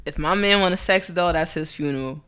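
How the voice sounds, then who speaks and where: A woman co-hosting a podcast in casual chat, loud and animated, laughing often. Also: on the low side, a little fast, smooth. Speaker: podcast co-host.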